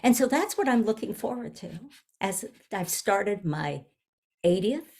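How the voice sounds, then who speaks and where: A woman in her seventies, a minister giving a gentle, reflective sermon, often pausing and restarting her phrases. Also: medium pitch, very animated, creaky. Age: 70s. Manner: gentle, searching, with frequent restarts. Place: online service.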